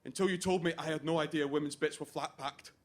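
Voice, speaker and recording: A man's voice: on the high side, fairly even intonation, fast, lightly acted. A man playing a jealous, crude best man giving a mocking comic wedding toast. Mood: sardonic. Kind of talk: comic stage monologue.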